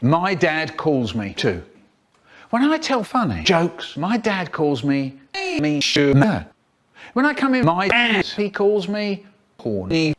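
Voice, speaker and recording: A man's voice: high voice, wildly swooping pitch, takes it slowly, a bit bright. A man reciting a comic poem in a sing-song way, cut into a remix.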